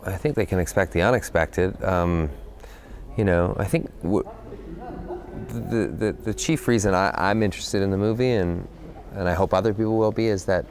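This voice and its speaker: Speaking at a moderate pace, a middle-aged man with a very deep, rough, fry-filled voice gives a press interview about a film he was in. The voice is a little mellow, and there is a slight hiss or hum. He reasons aloud, returning to earlier points and using "you know" to fill gaps as he looks for words.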